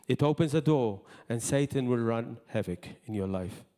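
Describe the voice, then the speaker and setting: A man preaching a sermon as pastor, in impassioned bursts that drop to quiet asides. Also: mid-range voice, expressive, moderate pace. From Malta. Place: church hall. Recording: long hall reverb.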